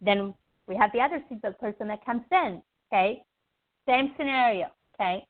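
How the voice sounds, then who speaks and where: Woman guest, fairly high voice, casual spiritual teaching, animated storytelling with acted-out bits; tinny phone-line sound. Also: normal speed. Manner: animated, acts out little scenes in quoted voices; repeats "okay?" to check in with the listener. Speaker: podcast guest.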